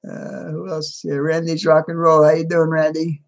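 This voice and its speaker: A man's voice: a little high, completely flat delivery, normal speed, vocal fry. A man hosting a livestream, casually greeting viewers by name and answering chat, a little tired. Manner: reads out viewer names and replies to chat. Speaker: livestream host.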